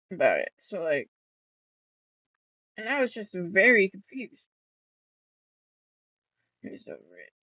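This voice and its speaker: A woman's voice: mid-range voice, sharp tone, no echo, dull audio. A woman gaming vlogger telling a story in casual chat, rambling and swearing, with many fillers and restarts.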